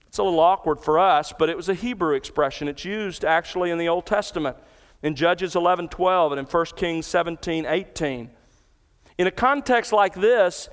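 Male pastor, sermon delivery, resonant and clear tone, big reverberant church. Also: a little high, moderate pace. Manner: earnest expository preaching, cites scripture references.

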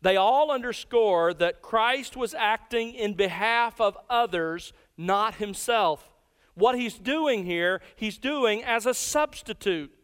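A man preaching an expository sermon, slowing down to stress key words. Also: high voice, fairly bright tone, clean tone, big-room sound.

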